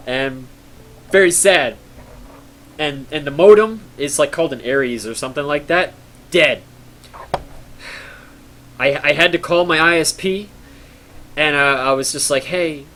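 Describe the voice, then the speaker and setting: A man's voice: mid-range voice, fairly bright tone, a little hiss or hum. A young man telling a story casually to his stream chat, with rambling fillers and mock-horror drama.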